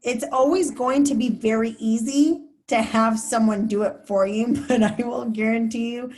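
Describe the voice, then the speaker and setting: A woman's voice: a little high, steady tone, moderate pace, a little mellow. A woman TV news reporter speaking as a guest, giving candid, chatty advice to students over a video call, with many fillers. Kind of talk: casual advice talk to students.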